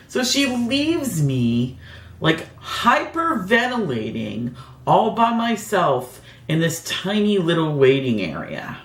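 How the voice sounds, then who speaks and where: Animated low-voiced woman, chatty storytime. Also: roomy sound. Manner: chatty, rambling, full of "like" fillers. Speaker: beauty vlogger. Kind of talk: casual storytime.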